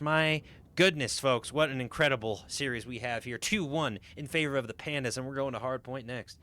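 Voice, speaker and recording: A man doing excited play-by-play commentary on an online shooter match, with loud hype calls and constant "folks" to the viewers. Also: medium pitch, brisk. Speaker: esports caster.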